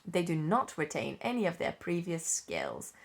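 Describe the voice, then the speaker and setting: A young woman casually reading tabletop game rules aloud, unhurried, with frequent fillers and self-corrections. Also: lowish voice, wildly swooping pitch, vocal fry. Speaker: rulebook reader.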